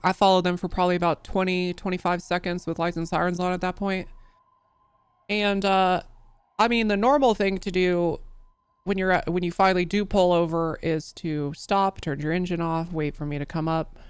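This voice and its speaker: A woman's voice: lowish voice, fairly even intonation, moderate pace, clear, resonant tone, dry recording, clean studio sound. A woman testifying in character as an undersheriff during a role-play court case, telling her account in a loose, rambling way full of restarts and fillers.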